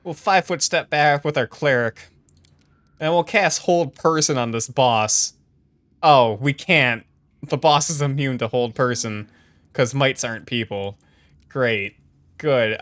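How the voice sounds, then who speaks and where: A woman's voice: extremely low pitch, animated, slow, pauses often. A woman streaming a video game, ranting in a profane, exasperated way and laughing at her own complaints.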